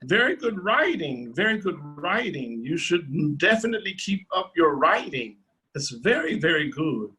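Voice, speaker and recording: Bright-voiced man giving feedback on a call. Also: on the high side, big pitch swings, normal speed. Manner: encouraging, repeats himself. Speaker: guest opera singer giving feedback. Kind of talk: casual video call feedback.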